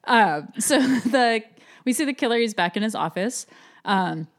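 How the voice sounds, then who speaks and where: A woman's voice: fairly high pitch, expressive, a little slow. A woman co-hosting a podcast, chatting casually and sarcastically about a TV episode and acting out lines from its scenes. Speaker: podcast co-host. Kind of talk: casual chat recapping a TV episode.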